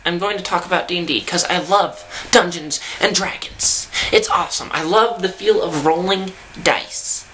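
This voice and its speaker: Speaking to camera from home, this young female vlogger rambles through a casual chat, poking fun at herself along the way. She has a lowish, fairly bright voice at a moderate pace with few pauses, on poor audio with slight background noise from the camera mic.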